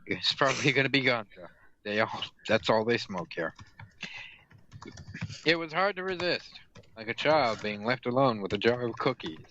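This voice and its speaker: A man's voice: medium pitch, expressive, normal speed, pauses often, pushed and bright, slight background noise. A man reading fan fiction aloud for laughs, stumbling over words and correcting himself. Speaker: reader and host. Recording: dull lo-fi audio, dry room.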